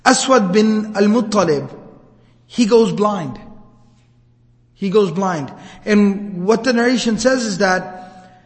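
A male religious teacher tells an old account in a relaxed, conversational way, with a high voice. He paints scenes vividly and speaks to the crowd like friends. A long reverb fills the hall around him. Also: slow pace, pauses often. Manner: casual, vivid, conversational retelling. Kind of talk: storytelling lecture.

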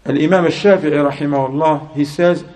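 A man giving a religious sermon in English, telling a story and acting out both sides of a conversation in a lively, rising voice. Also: fairly high pitch, brisk. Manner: acts out dialogue in an animated, rising voice; non-native English with Arabic religious terms. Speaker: Islamic preacher.

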